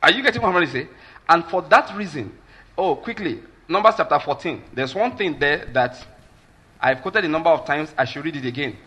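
Husky Nigerian man preaching a sermon. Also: a little high, animated, brisk, sharp tone. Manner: emphatic, keeps asking the listeners if they follow. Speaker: pastor.

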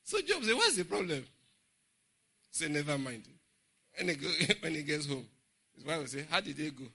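A middle-aged man with a Nigerian English accent preaching a humorous, animated Bible study sermon in church. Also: a little high, normal speed, breathy edge. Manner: humorous, laughing, animated storytelling. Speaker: pastor.

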